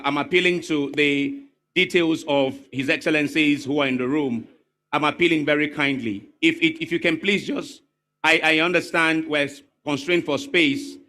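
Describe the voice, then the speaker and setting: A Nigerian master of ceremonies announces a formal event in a large crowded hall, offering courteous, repeated welcomes and polite pleas. His voice is bright and fairly high.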